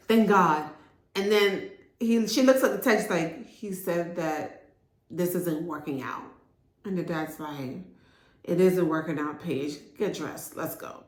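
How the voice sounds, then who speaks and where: A woman casually recapping a TV drama episode for her channel, talking loosely with fillers and acting out the characters' lines in quick bursts. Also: mid-range voice, reverberant. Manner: animated, acts out characters' lines. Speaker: video host recapping a TV episode.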